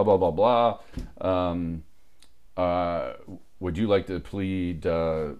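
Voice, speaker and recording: A man with a very low, deep voice tells a long story in casual chat. He swears freely and acts out what everyone said. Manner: profane, animated anecdote-telling with quoted dialogue.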